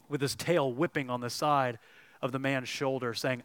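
A man's voice: medium pitch, steady tone, moderate pace, a bit bright, no room sound. A man preaching a sermon as a pastor, earnest and storytelling. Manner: earnest, storytelling delivery with some restarts.

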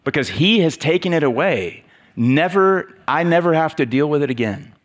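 A man's voice: a little high, lively intonation, normal speed. Preacher, male, casual sermon delivery, chatty, lots of fillers and restarts. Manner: conversational, with many fillers and restarts.

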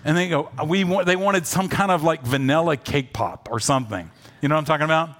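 Animated man preaching. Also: on the high side, quick pace. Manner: animated storytelling, shifts between loud urging and soft asides. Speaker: pastor. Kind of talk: sermon.

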